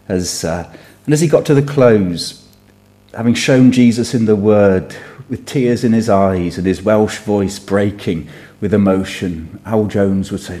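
A middle-aged man preaching a sermon in an earnest, measured way with emphatic phrasing. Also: on the low side, mellow.

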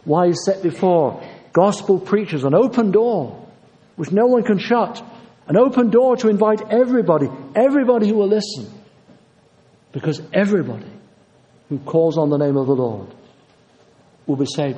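A man, preaching in a high voice with a mellow, warm tone. His delivery is earnest and insistent, and he hammers his points home by repeating them. A long reverb hangs on every word, as in a large church hall. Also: animated, moderate pace. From Yorkshire, England. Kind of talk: sermon.

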